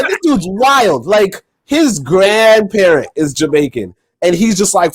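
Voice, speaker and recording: A man co-hosting a podcast, talking in a loose, rambling, profane way and laughing loudly. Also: sits high, very animated, normal speed, hardly any pauses, slightly rough. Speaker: podcast co-host. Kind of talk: casual podcast chat.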